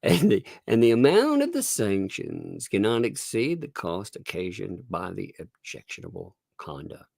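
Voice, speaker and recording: A man's voice: on the low side, huge pitch swings, normal speed, gravelly, few pauses, a little mellow, dry recording, studio quality. A middle-aged man hosting a live commentary stream on a court case, sarcastic, laughing often and swearing. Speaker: commentary livestream host.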